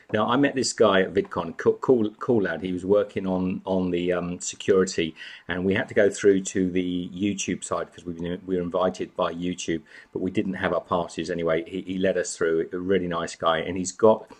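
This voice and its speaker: A man's voice: low-pitched, steady tone, normal speed. A man hosting a casual live chat from home, greeting viewers by name and snacking as he talks. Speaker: live stream host.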